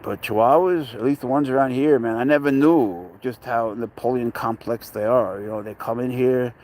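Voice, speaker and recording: A man's voice: mid-range voice, moderate pace, a little mellow, a little hiss or hum. A man chatting casually outdoors at a dog park, joking, talking to his cat and greeting viewers by name. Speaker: pet owner vlogger. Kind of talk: casual rambling chat.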